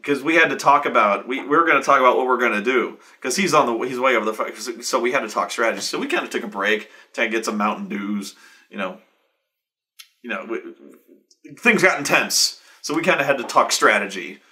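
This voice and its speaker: A man hosting a show, telling a long, animated, profane story with lots of restarts. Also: medium pitch, fairly quick. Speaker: show host. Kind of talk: casual storytelling.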